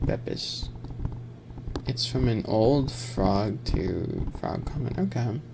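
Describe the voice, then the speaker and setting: In a casual live-stream chat full of rambling jokes and frequent laughter, a male ASMR streamer speaks slowly in a gravelly, animated mid-range voice. Background noise is clearly audible.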